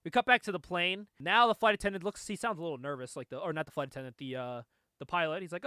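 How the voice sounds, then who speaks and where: A man's voice: on the high side, quick pace, sharp tone, clean tone, no room sound, studio quality. A man hosting a casual comic review podcast, recapping animatedly, laughing often and acting out quotes.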